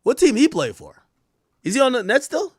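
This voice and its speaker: Loud, animated young male streamer. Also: normal speed, husky, no room sound. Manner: loud, profane trash talk with sudden jumps in pitch and volume. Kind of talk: casual live-stream commentary reacting to chat and posts.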